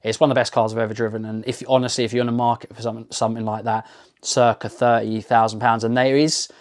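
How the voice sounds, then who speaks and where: A man's voice: mid-range voice, little pitch movement, quick pace, a little mellow. A man hosting a car review channel, talking to camera in a casual, enthusiastic, rambling way with lots of ums and restarts. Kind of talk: casual unscripted talk to camera.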